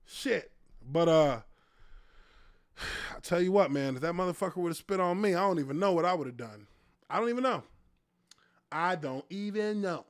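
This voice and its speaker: A man's voice: sits high, lively intonation, moderate pace, pauses often, dry recording, clean studio sound. A man in his thirties, a former offensive lineman, hosting a casual live stream and telling stories with a lot of profanity and laughter.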